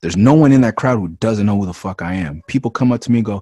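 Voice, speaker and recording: Deep husky man, frank and profane. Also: lively intonation, fast talker, few pauses, dark tone, no room sound. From Los Angeles area. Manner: frank and profane, ramps up when heated. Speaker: rapper and interview guest. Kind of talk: candid casual interview talk.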